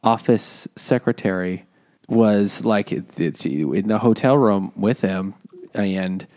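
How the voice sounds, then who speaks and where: A man's voice: fairly low pitch, slow, a little mellow, dry recording, studio quality. A man casually retelling a play's plot on a book-club podcast, rambling with restarts and acting out the characters' lines. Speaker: podcast co-host.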